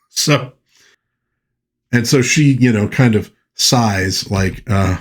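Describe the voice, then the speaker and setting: A man's voice: medium pitch, slow pace. A man casually narrating a film review, retelling scenes and briefly mimicking characters' lines, talking loosely with fillers and restarts.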